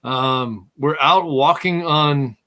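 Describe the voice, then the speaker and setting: A middle-aged man hosting a podcast, telling a story in a casual, animated way and laughing often. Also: fairly high pitch, takes it slowly. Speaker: podcast host.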